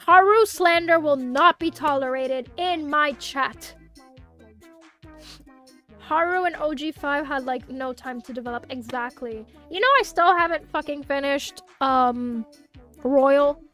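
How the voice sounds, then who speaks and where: A young woman with a Miami Hispanic accent, chatting casually on a livestream, animated and swearing freely as she answers chat. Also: high voice, a little slow, soft background music. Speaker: VTuber streamer.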